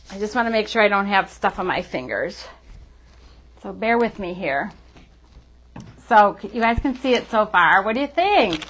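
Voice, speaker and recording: A woman's voice: a little high, fairly bright tone. A woman hosting a casual live-stream craft demo, chatting to viewers with lots of fillers. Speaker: craft tutorial host.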